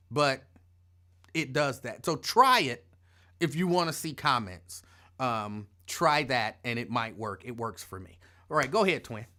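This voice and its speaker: A man hosting his own live show, chatting casually in a rambling, playful, colloquial way and repeating phrases for emphasis. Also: on the high side. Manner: animated, rambling,喜 playful storytelling. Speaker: show host. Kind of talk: casual live-stream rant.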